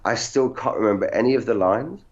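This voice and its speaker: A man, an actor guest, telling animated, self-deprecating stories in casual interview chat. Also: lowish voice, brisk. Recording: dull lo-fi audio.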